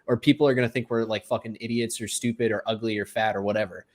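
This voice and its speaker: A man's voice: lowish voice, fast talker. A man co-hosting a podcast, talking candidly and casually with light laughs. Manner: relaxed, candid, laughs between thoughts. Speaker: podcast co-host. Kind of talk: casual chat.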